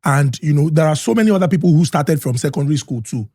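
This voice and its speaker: Husky Nigerian male podcast host. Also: a little high, expressive, quick pace, warm tone, no room sound, studio quality. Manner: chatty, mixes Pidgin and English. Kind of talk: podcast interview hosting.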